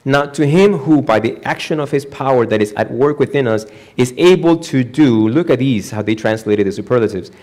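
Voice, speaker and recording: Male pastor preaching in a church, animated, keeps acting out little quotes, mid-pitched voice. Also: fairly quick. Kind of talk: sermon.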